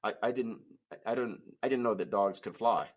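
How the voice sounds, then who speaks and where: A man's voice: on the low side, normal speed, lo-fi sound. A man performing as a musical ventriloquist, patiently explaining things to young audiences between puppet bits. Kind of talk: ventriloquist show patter.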